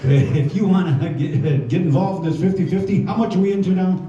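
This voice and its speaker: An older man emceeing a live variety show, chatty and halting with many fillers. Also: high-pitched, warm tone, slight background noise. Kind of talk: live stage announcing. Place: community hall with an audience. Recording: echoey hall, distant lo-fi room mic.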